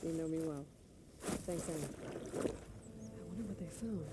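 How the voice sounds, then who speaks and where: A woman's voice: low voice, measured pace, very noisy. An actress voicing a determined young female hunter in a video game, who asks direct questions. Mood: steady.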